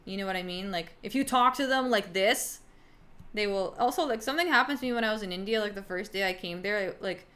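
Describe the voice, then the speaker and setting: A woman's voice: medium pitch, racing, hardly any pauses, fairly bright tone. A young woman streaming, chatting casually with viewers in a rambling way, with lots of fillers and casual swearing. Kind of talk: casual livestream chat answering viewers.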